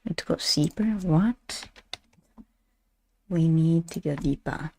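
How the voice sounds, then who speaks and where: Streamer lady, raspy fry in her voice, mellow tone, playful announcer calls, keeps repeating herself. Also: deep voice, takes it slowly, slight background noise. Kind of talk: live-stream commentary on a marble race.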